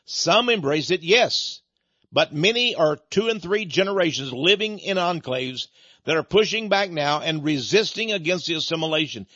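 Man, radio ministry host, preachy monologue, chuckling, stumbles over repeated words, husky, slightly dull lo-fi audio. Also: on the high side, expressive, normal speed, sharp tone, no echo.

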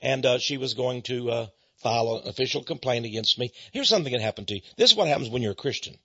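A husky-voiced man preaches by telling stories, his pitch leaping animatedly as he chuckles along. His tone is bright and forceful. The recording sounds slightly dull and lo-fi. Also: expressive, fast talker. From Texas, USA. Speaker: Christian speaker. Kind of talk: storytelling sermon.

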